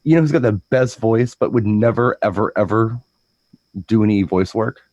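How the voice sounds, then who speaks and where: A man with a fairly low voice chats casually about his work as a DJ. He rambles and repeats himself as he talks. The recording sounds dry and close, with no room echo. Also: darkish tone, dull audio. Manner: rambling storyteller, repeats words, breaks into quick impressions. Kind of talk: casual chat.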